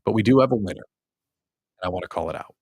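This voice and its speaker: Male host, animated storyteller with a husky, swooping voice, dry close sound. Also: on the low side, rapid-fire, no echo. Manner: animated storyteller, self-mocking, acts out his own past thoughts. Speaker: host of a small business show. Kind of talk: casual livestream monologue.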